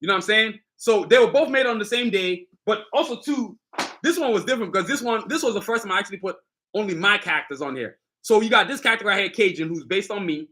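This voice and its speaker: A middle-aged man hosts a casual live stream, showing off his sneakers and hyping them to viewers. His voice sits high and sounds bright. He talks with swagger and loose street slang. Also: expressive, fast. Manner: hyped, boastful street slang, addresses viewers directly. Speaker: sneaker designer and channel host.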